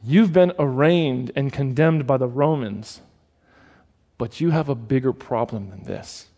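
A male preacher voicing a humble, repentant thief who speaks earnestly and quietly. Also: on the high side, lively intonation, unhurried, in a large hall. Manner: hushed, earnest.

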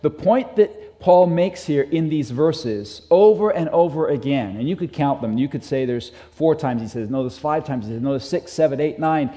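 Male preacher, slightly high voice, mellow timbre, emphatic sermon delivery, long hall reverb. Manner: emphatic, repeats key phrases.

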